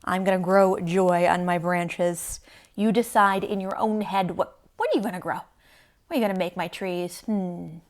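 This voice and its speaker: A woman's voice: fairly low pitch, fairly even intonation, moderate pace. A young woman teaching yoga to young children in a sing-song, encouraging way. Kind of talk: leading a kids' yoga class.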